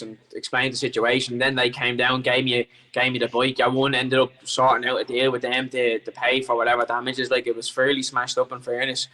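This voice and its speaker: A man's voice: mid-range voice, bright, forceful tone, poor audio. An Irish man on a podcast as a guest, telling a long story in casual chat, rambling with plenty of swearing and restarts.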